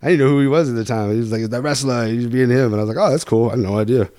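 A man's voice: medium pitch, fairly even intonation, very fast, darkish tone, clear, resonant tone, dry recording. A young man from Louisville, Kentucky, telling rambling, profane stories as a podcast guest. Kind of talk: casual storytelling.

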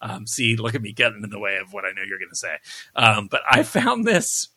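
A man's voice: on the low side, wildly swooping pitch, fairly quick, pushed and bright, slightly rough, no room sound. A man co-hosting a casual review podcast, rambling with lots of ums and self-deprecating asides. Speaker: podcast co-host.

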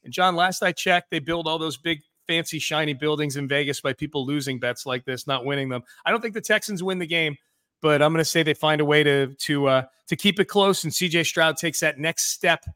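A man hosting a casual sports podcast, talking quickly with jokes and many restarts. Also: a little high, sharp tone, no echo, clean studio sound. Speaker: sports radio host.

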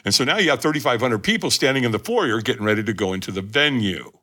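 Guy guesting on a podcast, telling his story all fired up, bright tone, keeps saying right?. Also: medium pitch, animated, fast talker. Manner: emphatic, addresses listeners directly. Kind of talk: animated storytelling.

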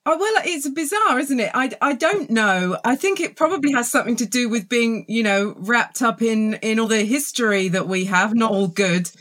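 A woman in her forties with a southern English accent, a guest author in a podcast interview, thoughtful and friendly, pausing often with fillers. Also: a little high, lively intonation, fairly bright tone. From England. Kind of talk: casual interview.

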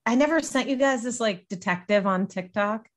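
A woman's voice: fairly high pitch, moderate pace. A woman hosting a casual podcast chat, chatty and teasing, laughing often. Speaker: podcast host.

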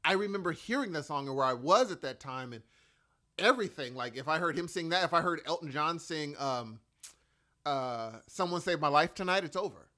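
A man's voice: on the high side, brisk. A man in his forties in casual chat, telling emotional stories and acting out what people said. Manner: animated, emotional storyteller with acted-out quotes.

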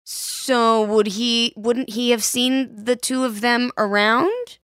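A woman podcast co-host in casual recap chat, animated and questioning, with jokes. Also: fairly high pitch, takes it slowly, clear, resonant tone, no room sound, clean studio sound.

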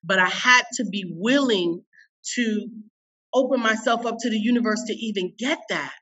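A woman coach, a guest in an interview, telling a personal story in an emphatic, expressive way. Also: mid-range voice, normal speed, slightly rough, recorded from a distance, muffled recording.

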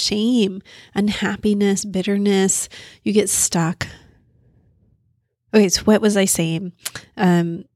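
Woman, therapist, casual teaching talk, thinking aloud, some vocal fry, dry close sound. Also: medium pitch, dry recording.

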